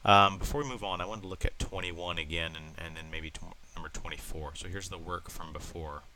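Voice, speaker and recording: A man's voice: deep voice, steady tone, a little fast, background noise. A man with a cold-nasal voice explaining math problems step by step in a recorded lesson. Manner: plain step-by-step explaining with fillers. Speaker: math teacher.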